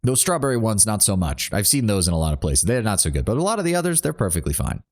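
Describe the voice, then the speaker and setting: A man's voice: lowish voice, big pitch swings, fast talker. A man streaming a role-playing game, chatting casually and reading game dialogue aloud.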